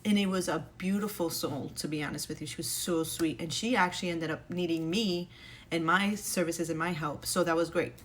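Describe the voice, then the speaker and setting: A woman's voice: fairly low pitch, fairly even intonation, brisk, slight background noise. A woman, a single mom, telling an earnest and emotional faith testimony in a casual way, with many restarts.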